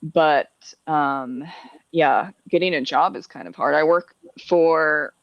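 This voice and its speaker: A woman's voice: deep voice, slow pace, no echo, dull audio. A woman from the Washington, D.C. area chatting casually as a guest on a video call, laughing between thoughts. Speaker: livestream guest. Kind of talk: casual chat.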